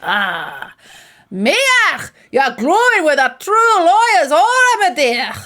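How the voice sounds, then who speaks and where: A woman voicing a pompous older male lawyer, booming and drawn out. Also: sing-song, slow pace, sharp tone, heavily acted.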